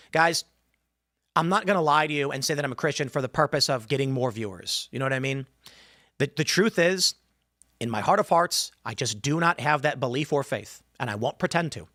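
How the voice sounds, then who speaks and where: A man's voice: fairly high pitch, pushed and bright, no room sound, clean studio sound. A man hosting a live show, chatting casually and rambling, reading viewer comments aloud and slipping into mock voices for asides. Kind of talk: casual livestream chat.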